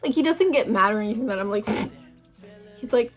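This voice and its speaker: High-voiced chatty young woman vlogger. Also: lively intonation, moderate pace, faint music behind. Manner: chatty, valley-girl fillers, acts out dialogue. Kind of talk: casual storytime vlog.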